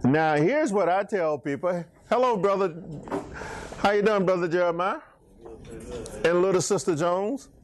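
A man's voice: high-pitched, a little slow. A middle-aged man preaching an interactive Bible study, telling stories and chatting back and forth with his congregation.

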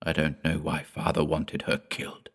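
A man voicing a gentle, tearful young man who pleads softly. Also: on the low side, animated, moderate pace, voice pushed up. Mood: pleading.

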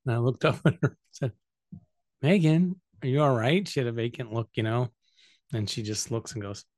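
An easygoing middle-aged man tells stories at a relaxed pace and laughs often as a podcast co-host. His voice sounds dry and close, with no room sound around it. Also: medium pitch, fast, no room sound. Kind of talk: casual chat.

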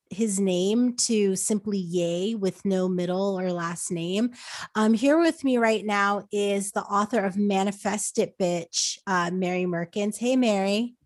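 A woman's voice: medium pitch, no room sound. Chatty woman podcast host. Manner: chatty, lots of fillers like "um" and "like". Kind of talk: casual chat.

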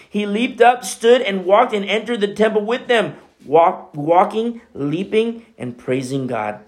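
Male pastor, conversational sermon, earnest and chatty, moves between hushed and emphatic delivery. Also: sits high. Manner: earnest, chatty, frequent "you know" asides.

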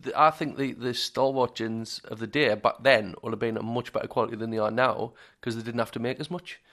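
A man co-hosting a casual podcast, joking and teasing his co-host through relaxed banter. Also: mid-range voice, fairly quick. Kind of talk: casual chat.

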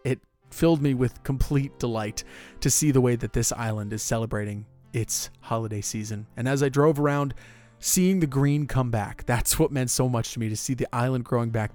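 A man's voice: mid-range voice, moderate pace, darkish tone, faint music behind. A man hosting a podcast, chatting enthusiastically, often laughing. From Florida, United States. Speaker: podcast host. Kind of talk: casual chat.

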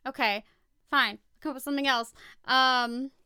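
A woman co-hosting a podcast, chatting casually through a word game, giggling and quickly correcting herself. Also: sits high, fairly even intonation, bright, forceful tone, clear, resonant tone, dry recording, clean studio sound. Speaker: podcast co-host.

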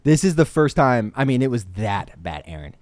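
A man co-hosting a casual podcast, telling a story in an animated way, laughing and restarting his sentences. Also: mid-range voice, normal speed, noisy background. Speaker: podcast co-host.

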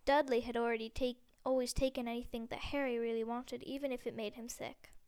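A woman reads a storybook aloud in a steady, gentle way, now and then catching a small slip. Her voice is high and rings smooth and clear. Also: a little fast. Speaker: audiobook reader. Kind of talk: storybook narration.

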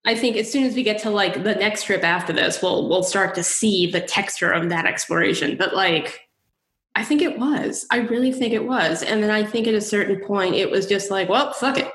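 A woman's voice: mid-range voice, moderate pace, fairly bright tone, reverberant, rough recording. A woman co-hosting a podcast in casual chat, rambling and giggly, swearing freely. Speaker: podcast co-host.

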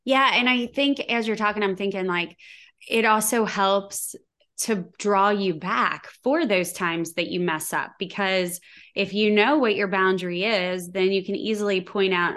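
Woman host, mid pitch, agreeable and encouraging interviewer. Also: unhurried, a bit bright. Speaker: podcast host. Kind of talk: casual conversational interview.

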